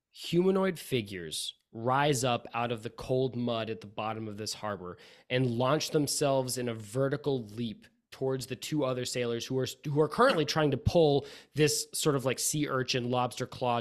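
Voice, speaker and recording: A man running a tabletop role-playing game as its game master, narrating scenes slowly and breaking into laughter between them. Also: medium pitch.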